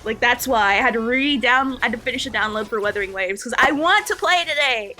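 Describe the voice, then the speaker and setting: Chatty high-voiced woman streamer. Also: brisk, bright, forceful tone. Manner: rambling, chatty, laughs often. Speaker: game streamer. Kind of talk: casual live-stream chat.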